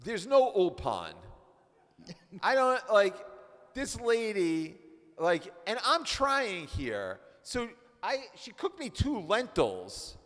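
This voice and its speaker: A man's voice: sits high, wildly swooping pitch, slow, fairly bright tone, voice pushed up, heavily acted. A man playing an exasperated, complaining husband who has newly arrived from Babylon, in a role-play during a text study. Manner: complaining, full of asides. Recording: reverberant hall.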